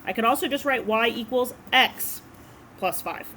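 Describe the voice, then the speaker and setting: Casting note: woman math teacher, bright, easygoing classroom lecture, faint room hum. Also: on the high side, normal speed. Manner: casual, chatty explaining.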